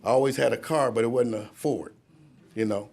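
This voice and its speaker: A man in his fifties gives his recovery testimony to a room of listeners, speaking in a gravelly, husky voice of middling pitch. He talks in a loose, conversational way, drifts from point to point, and laughs at himself as he goes. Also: fairly even intonation, fairly quick, darkish tone. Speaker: drug court graduate giving a testimony. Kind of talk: personal recovery testimony to an audience. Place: courtroom ceremony.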